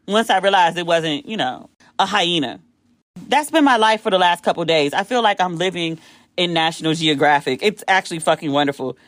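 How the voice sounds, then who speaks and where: A woman from the United States hosting a podcast, telling a story casually and acting out the quotes with big jumps in pitch. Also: dry recording. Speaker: podcast host.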